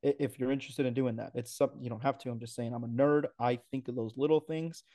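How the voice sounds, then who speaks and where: A man's voice: medium pitch, fairly even intonation, fast talker, mellow. A man, a racing announcer, talking enthusiastically and emphatically in a casual podcast interview, with playful asides.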